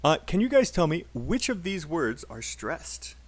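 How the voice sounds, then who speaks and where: A man with a British accent teaching a live online English pronunciation lesson, drilling sentences slowly and encouraging students. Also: a little high, big pitch swings.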